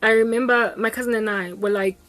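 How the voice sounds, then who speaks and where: A young South African woman vlogger telling a story in an animated, chatty way, recorded at home on a close mic. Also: fairly high pitch, brisk, no echo. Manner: animated, code-switching, chatty. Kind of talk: storytelling monologue.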